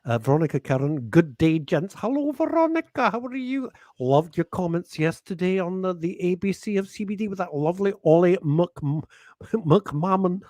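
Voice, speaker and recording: A man's voice: sits high, normal speed, darkish tone, no echo, clean studio sound. A man with an English accent hosting a radio show, joking and teasing his co-host and reading out listener comments in casual chat.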